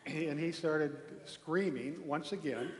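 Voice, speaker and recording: A man's voice: fairly high pitch, slight background noise. Man, minister, easygoing anecdotal sermon, roomy reverberant hall. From Norway. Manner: relaxed storytelling, with pauses and restarts. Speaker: minister giving a talk. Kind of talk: conversational sermon with a personal story. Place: large echoey temple hall. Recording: echoey hall with long reverb.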